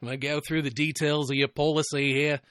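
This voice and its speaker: A man putting on a cheerful, blunt Australian insurance agent who talks slightly higher than his usual voice. The tone is breezy and brash, with a put-on Australian accent. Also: level tone, quick pace, fairly bright tone, dry recording, studio quality, lightly acted.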